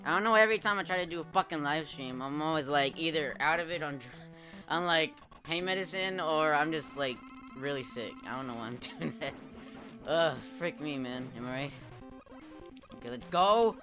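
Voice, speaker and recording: A young man commenting live on his gameplay, swearing a lot, laughing often and yelling at the game when he fails. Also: fairly high pitch, moderate pace. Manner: profane, excitable, laughs often, shouts at the game. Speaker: streamer playing a retro game. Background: game music.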